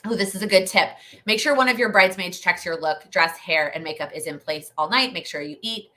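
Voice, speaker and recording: A woman's voice: on the low side, brisk, pushed and bright. A young woman hosting a live Q&A stream, chatty and rambling, laughing often as she answers questions. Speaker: host.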